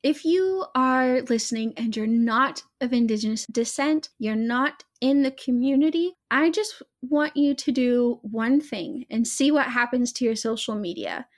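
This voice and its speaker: A woman's voice: on the high side, measured pace, hardly any pauses. A woman talking earnestly and persuasively in a casual conversation, speeding up when she stresses a point.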